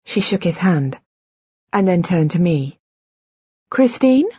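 A woman reading an audiobook in the first person, in a measured, quiet and introspective way. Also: fairly low pitch, husky, dry recording, muffled recording. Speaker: audiobook narrator. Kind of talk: scripted audiobook narration.

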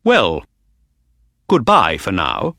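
A man voicing a confident, sharp-minded detective in an audiobook, speaking in a calm, assured way. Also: sits low, very slow, no room sound, studio quality, exaggerated voice. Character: sharp, confident male detective, middle-aged. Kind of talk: audiobook character reading.

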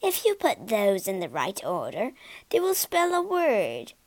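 A woman voicing a cruel, bored queen of ice who speaks coldly and mockingly, in a slow storybook reading. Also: medium pitch, huge pitch swings. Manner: cold and mocking.

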